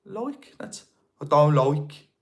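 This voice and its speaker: Speaking at a normal speed with a medium-pitched, slightly bright voice, a man from England hosts a live stream and casually answers viewer comments. He has a Birmingham accent and a chatty, rambling manner full of restarts.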